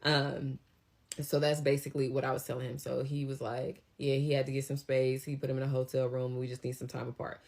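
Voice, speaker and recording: A woman's voice: rumbling low, level tone, fairly quick, creaky, a little mellow. A young woman casually telling a story, chatty and quoting people as she goes. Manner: chatty, retells scenes with quoted voices.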